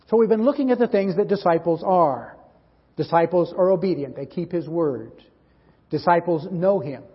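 A man's voice: a little high, husky. A man preaching a sermon, telling a story with earnest delivery and acting out its dialogue. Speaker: pastor. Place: church sanctuary. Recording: dull, roomy church hall audio.

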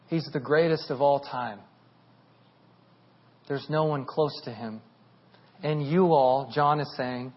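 A man in his thirties preaches with a high, lively voice that climbs toward near shouting when he drives a point home. The recording has a dull, lo-fi sound. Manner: animated, rising to near shouting at peaks. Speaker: pastor. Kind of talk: sermon.

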